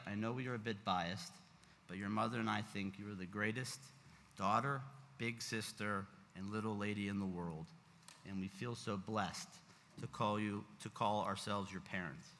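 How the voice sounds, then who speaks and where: A man's voice: fairly low pitch, bright, forceful tone. A man giving an emotional, heartfelt speech as the father at his daughter's bat mitzvah, fighting back tears. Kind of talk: parent's speech read at a ceremony. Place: large synagogue sanctuary. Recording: reverberant hall, faint background noise.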